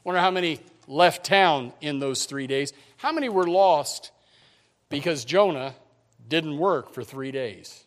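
A man preaching a sermon in a church, emphatic, swinging between loud and quiet. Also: on the high side, animated, unhurried. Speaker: pastor. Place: church sanctuary.

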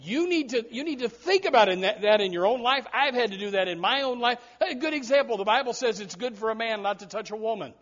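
A man preaching with a very high voice, punching his words and circling back with repeated restarts. The recording sounds dull and lo-fi. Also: lively intonation, fast talker, few pauses, a bit bright. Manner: emphatic, repetitive preaching with frequent restarts. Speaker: pastor. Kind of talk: sermon.

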